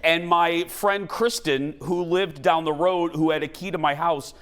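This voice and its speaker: A man hosting a studio talk show, telling an embarrassing story to a live audience in an animated, self-mocking way. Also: on the high side, a little slow.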